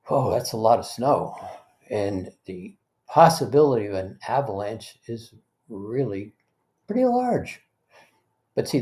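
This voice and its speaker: Mellow-voiced man guiding a meditation. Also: medium pitch. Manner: gentle, unhurried, leads listeners through breaths. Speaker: spiritual teacher. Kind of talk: guided meditation talk.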